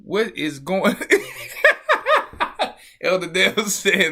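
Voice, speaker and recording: A man with a high, bright voice that swings widely in pitch. He talks over video clips in a casual, animated way, breaking off to laugh and to make preacher-like remarks. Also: moderate pace. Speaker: online show host reacting to clips.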